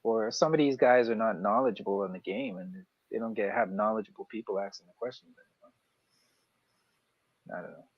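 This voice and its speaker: A man's voice: on the low side, a little fast, pauses often, no echo. A man in casual sports chat, laid-back and mocking, now and then aping commentators. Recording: dry, dull lo-fi sound.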